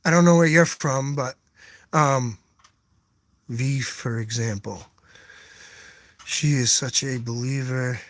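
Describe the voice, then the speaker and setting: A man's voice: mid-range voice, fairly even intonation, slow, pauses often, no echo. A man hosting a live stream, rambling as he answers chat comments one by one and thanking his viewers again and again in a casual, earnest way.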